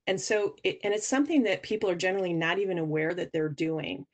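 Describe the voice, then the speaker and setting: A woman's voice: fairly low pitch, fast. A woman guest on a podcast, explaining earnestly how investors judge founders, often restarting her sentences. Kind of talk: podcast interview answers.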